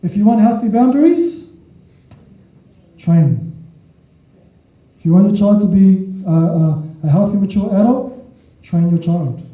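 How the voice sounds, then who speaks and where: A man's voice: high voice, animated, unhurried, long pauses, warm tone. A man preaching a sermon as a pastor, emphatic, repeating his key points and checking in with the congregation. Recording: echoey hall from far off.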